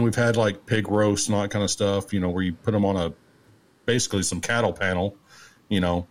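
A man, telling stories as a guest in casual chat, animated and laughing. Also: lowish voice. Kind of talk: casual storytelling.

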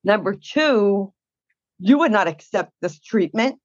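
A woman's voice: mid-range voice, animated, slow, no room sound. Woman guest telling her story straight out, bit fired up, dull dry sound. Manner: blunt, indignant storytelling. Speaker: guest caregiver. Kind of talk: emotional personal account.

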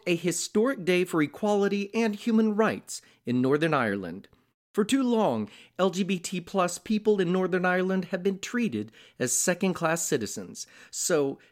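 A male news anchor reading scripted headlines in a steady, measured way. His voice sits a little high for a man and moves up and down a lot as he reads. He keeps an even, practiced pace through each story.

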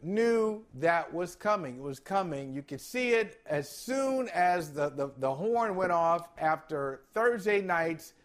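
High-voiced man debating sports. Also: animated, slow, few pauses. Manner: emphatic, repeats phrases, acts out quotes. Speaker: sports talk co-host.

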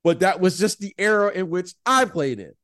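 A man's voice: sits high, lively intonation, moderate pace, a bit bright, no echo, studio quality. A middle-aged man and former pro basketball player co-hosting a casual sports chat, who keeps addressing his co-host by name and stammers through restarts, chuckling.

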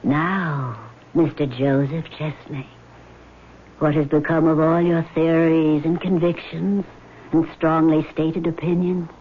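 Vengeful woman ghost, slow and measured, whispery, old radio play, tinny broadcast sound. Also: low voice, fairly even intonation, slight background noise. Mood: cold, menacing. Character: vengeful female ghost, cold and scheming. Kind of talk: 1970s radio drama acting.

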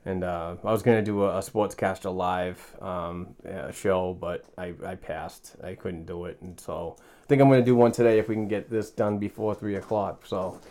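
A man hosting a podcast from a small home studio, casual and halting, repeating words and using many fillers. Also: low voice, level tone, a little mellow. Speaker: podcast host. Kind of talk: casual chat.

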